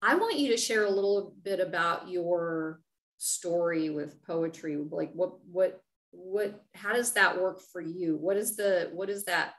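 A woman's voice: lowish voice, measured pace. A woman podcast host and coach asking a guest rambling, encouraging questions during an interview. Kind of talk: interview conversation.

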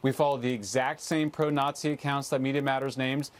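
A man's voice: medium pitch, steady tone, brisk. A man speaking as a guest in a TV interview, earnest and emphatic.

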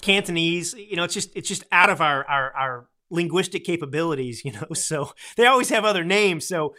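A man hosting a political talk podcast, talking close to the mic with a bright, forward edge. His voice sits somewhat high for a man. He rambles and swings from near-shouting to a near whisper. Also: brisk. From United States. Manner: animated, rambling, swings between loud and soft. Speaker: podcast host. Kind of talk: political commentary monologue. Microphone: close studio microphone.

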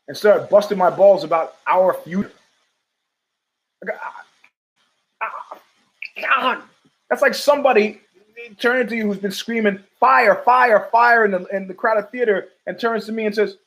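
A man with a high-pitched voice hosts his own show, rambling through stories in a casual monologue. He acts out the other people's lines, laughs often and keeps an animated, loose delivery. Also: poor audio. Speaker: podcast host.

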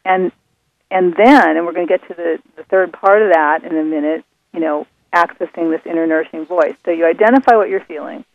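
A woman guest explaining her method in a calm, soothing, patient way. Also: on the low side, fairly quick, no echo. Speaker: author and guest. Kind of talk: explaining on a radio call-in. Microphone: phone. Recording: thin phone line.

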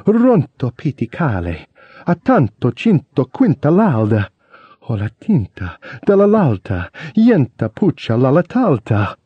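A man's voice: mid-range voice, wildly swooping pitch, unhurried, breathy edge, no echo, heavily acted. A man doing a dramatic mock-Italian poem recital. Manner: theatrical, sweeping through emotions. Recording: dull lo-fi audiobook recording.

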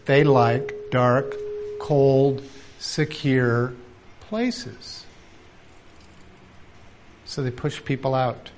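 A man preaching at a conference, animated and acting out quoted voices, sometimes dropping to a whisper. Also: medium pitch, extremely slow, long pauses, a little hiss or hum. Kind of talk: conference sermon.

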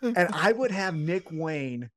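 A man co-hosting a casual podcast, recapping wrestling and acting out quotes in a higher voice. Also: takes it slowly. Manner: animated storytelling, acts out quotes in higher voice. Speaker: podcast co-host.

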